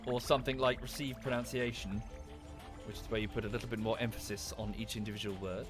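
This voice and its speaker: A man's voice: on the low side, fairly even intonation, quick pace, music in the background. A man with an Estuary English accent chatting casually while playing a game, thanking viewers by name and thinking aloud. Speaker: streamer. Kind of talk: casual gameplay commentary.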